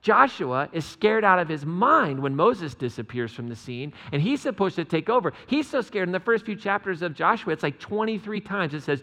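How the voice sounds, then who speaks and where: A man preaches a relaxed, joking sermon with a slightly high, gravelly voice. His talk carries a long reverb from the church sanctuary. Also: moderate pace. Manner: humorous, chatty asides to the congregation. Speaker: pastor. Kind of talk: conversational sermon.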